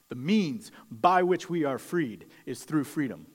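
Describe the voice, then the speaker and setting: A man's voice: on the high side, expressive, measured pace, hardly any pauses, big-room sound. A man preaching a sermon, emphatic and conversational, repeating key phrases and dropping in casual asides. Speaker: pastor.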